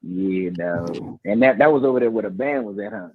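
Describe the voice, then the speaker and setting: A man in his thirties, a teacher and co-host, telling stories in casual slangy chat and acting out quotes with lively voices. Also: fairly low pitch, normal speed, no echo, phone-quality sound. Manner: animated storytelling, slangy, acts out quotes.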